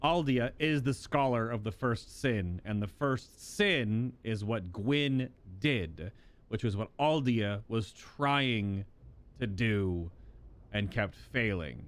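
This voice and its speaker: A man's voice: lowish voice, animated, slow. A man streaming a video game, chatting casually and rambling to his viewers. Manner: chatty, rambling, talks to chat. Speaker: gaming streamer. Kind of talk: casual gameplay commentary.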